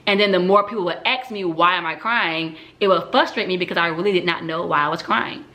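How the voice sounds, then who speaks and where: Bright-voiced woman telling her story. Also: lowish voice, a little fast. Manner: reflective, candid storytelling with frequent fillers. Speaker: speaker sharing personal story. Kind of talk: personal testimony talk.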